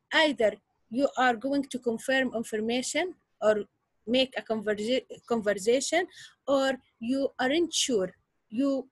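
A woman's voice: a little high, breathy edge, no echo, rough recording. A woman with an Arabic accent teaching an English grammar lesson, explaining step by step and checking understanding with a frequent "okay?".

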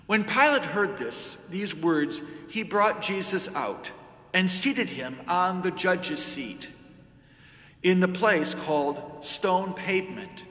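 Male lector, slow solemn reading, bright slightly high voice; echoey church with long reverb. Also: lively intonation. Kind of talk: liturgical scripture reading.

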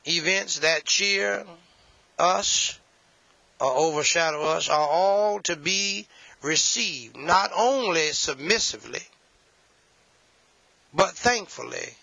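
Male preacher, slow deliberate sermon, gravelly edge, dull lo-fi sound. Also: a little high, animated, sharp tone, dry recording. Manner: emphatic, repetitive preaching with folksy asides.

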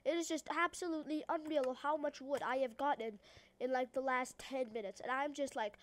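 A woman's voice: high-pitched, brisk. A woman with an Australian accent giving hyper, rambling, jokey let's-play commentary as a gaming YouTuber.

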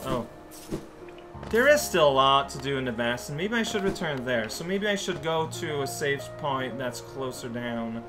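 A man's voice: mid-range voice, expressive, normal speed. A man giving casual, playful commentary while playing a video game, rambling and talking to himself and to the characters on screen. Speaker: let's play host. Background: game music.

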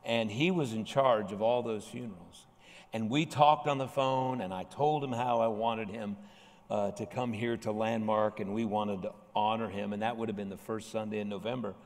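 A male pastor telling a lively, humorous story from the pulpit in a large church sanctuary. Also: on the low side, moderate pace. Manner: animated anecdote with humorous asides. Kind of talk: storytelling sermon. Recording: long hall reverb.

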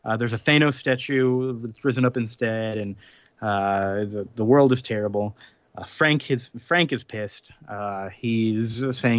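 A man co-hosting a podcast, recapping a comic plot in casual chat, rambling with fillers and quick laughs. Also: fairly low pitch, no room sound, lo-fi sound.

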